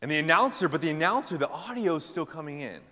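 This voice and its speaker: A young man preaching a sermon, telling animated personal stories with casual fillers and loud punchlines. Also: fairly high pitch, quick pace, in a large hall. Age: young adult.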